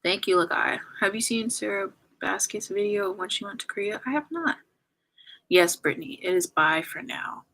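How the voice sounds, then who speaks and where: A woman's voice: medium pitch, moderate pace, a bit bright, rough recording. Tearful young woman rambling on a livestream. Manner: rambling, many fillers and restarts, addresses viewers as y'all. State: tearful, crying at times. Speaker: YouTuber ending her channel on a livestream. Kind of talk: casual livestream chat, reading viewer comments.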